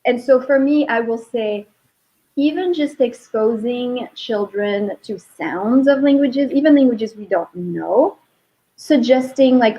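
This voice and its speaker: A woman linguistics professor talking as an interview guest, telling animated stories and quoting her son. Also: on the high side, slow, highs cut off. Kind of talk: casual interview talk.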